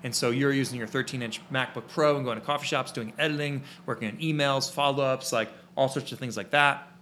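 A man co-hosts a live-streamed photography podcast in a loose, rambling way, with plenty of fillers and restarts. His voice has a bright, forward edge. A faint hum sits behind him in his small studio. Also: mid-range voice, steady tone, brisk. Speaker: podcast co-host and photography teacher.

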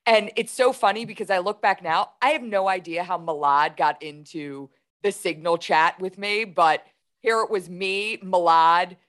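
Lower-voiced woman in her forties. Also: unhurried. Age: 40s. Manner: animated, retells events with quoted dialogue. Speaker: guest. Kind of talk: casual storytelling.

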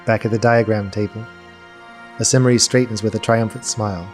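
Low-voiced male game master, soft music. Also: fairly even intonation. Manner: slow, descriptive storytelling. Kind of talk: narrating a tabletop game.

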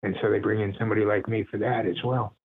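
A man's voice: fairly low pitch, quick pace, breathy edge. A middle-aged man from Ohio, a voice actor, casually telling stories and slipping into impressions. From Ohio, USA. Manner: animated storyteller who slips into impressions, chuckles often. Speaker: voice actor guest. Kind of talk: casual interview storytelling. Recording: tinny phone-line audio.

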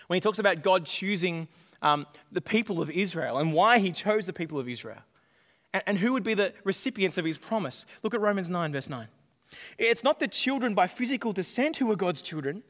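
A middle-aged man preaching a sermon, animated and jokey, often repeating his phrases. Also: high-pitched. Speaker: pastor. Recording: long hall reverb.

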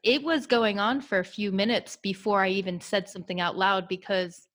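A woman's voice: medium pitch, fairly even intonation, moderate pace, fairly bright tone, no room sound. Candid woman, dry close voice. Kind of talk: casual conversational storytelling.

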